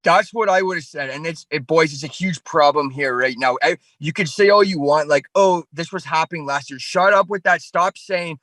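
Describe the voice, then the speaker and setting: A man's voice: a little high, moderate pace, few pauses, sharp tone, dry recording. A man from Canada, a podcast guest, rambling and swearing constantly in crude casual chat. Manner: profane, rambling, ranting.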